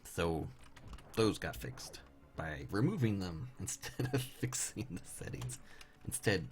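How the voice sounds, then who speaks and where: Speaking slowly in a low register, a tired young man gets very animated while streaming a game. He chats wryly with his viewers in casual commentary, and faint game music can be heard.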